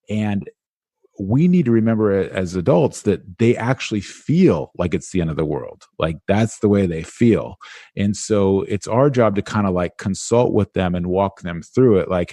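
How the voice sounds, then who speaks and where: Mellow-voiced man, chatty interview guest. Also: lowish voice, normal speed, no room sound. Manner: animated, conversational, many "like"s. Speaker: guest, education speaker. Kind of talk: interview conversation.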